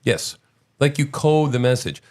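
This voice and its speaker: A man's voice: medium pitch, lively intonation, measured pace, a little mellow. A man hosting a podcast in a casual, sarcastic, incredulous commentary style. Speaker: podcast host.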